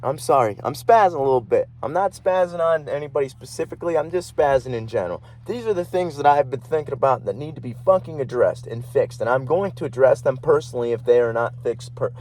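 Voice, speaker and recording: A man's voice: medium pitch, a little mellow, slight background noise. A young man hosting a podcast, talking in a heated, rambling, profane monologue from his vehicle. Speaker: podcast host. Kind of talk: casual ranting monologue.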